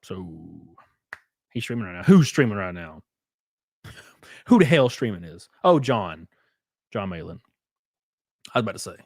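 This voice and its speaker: A man's voice: lowish voice, big pitch swings, normal speed, long pauses, a little mellow, dry recording, studio quality. A man hosting a livestream, talking loosely to his chat with plenty of swearing while he sets up guests. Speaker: host.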